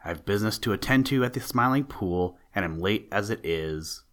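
A fussy old toad, out of breath and indignant, insisting on his own importance, put on by a man reading a storybook. The voice sits fairly low. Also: lively intonation, normal speed, fairly bright tone. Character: pompous old male toad, short of breath. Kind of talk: storybook character voice.

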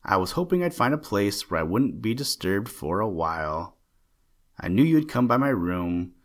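A man voicing a fussy, excitable old male stamp collector with a chattering, genteel manner. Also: fairly low pitch, moderate pace. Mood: casual. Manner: chattering, genteel, easily indignant.

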